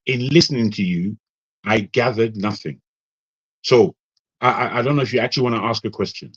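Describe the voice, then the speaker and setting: A man's voice: mid-range voice, no echo, lo-fi sound. A man, a guest in an online debate, firmly rejecting how his words were used. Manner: firm, measured. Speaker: panel guest.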